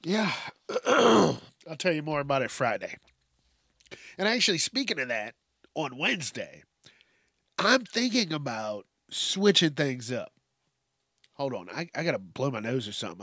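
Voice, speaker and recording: A man's voice: mid-range voice, big pitch swings, moderate pace, pauses often, fairly bright tone, no echo, studio quality. A man hosting a solo podcast, rambling and swearing, sometimes calling himself by name in the third person. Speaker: podcast host.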